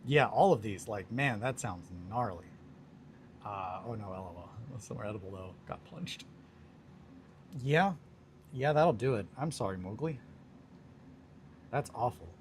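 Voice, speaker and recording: Laid-back low-voiced man chatting on stream. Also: expressive, measured pace, long pauses, a little hiss or hum. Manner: laid-back, joking, reads chat aloud. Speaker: streamer chatting with viewers while crafting. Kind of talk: casual livestream chat.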